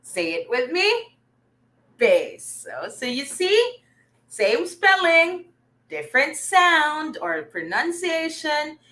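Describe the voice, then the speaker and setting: A woman's voice: high voice, bright, forceful tone, low-quality recording. A Filipino woman teaching an online reading lesson, encouraging and often checking in with her learners. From Philippines.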